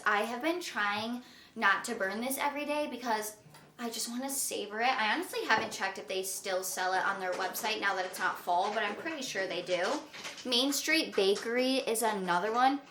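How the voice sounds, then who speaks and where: A young woman talks in a chatty, casual vlog style, leaning on "like" as a filler. Her voice sits a little high. She is recorded in a home kitchen with a lot of echo and clear background noise. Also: pushed and bright. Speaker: lifestyle vlogger. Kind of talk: casual vlog chat to camera.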